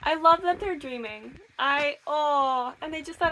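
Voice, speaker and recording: Young woman, high voice, chatty book vlogger, gushing and excitable. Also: measured pace. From Michigan, USA. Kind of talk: casual reading vlog chat. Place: camper.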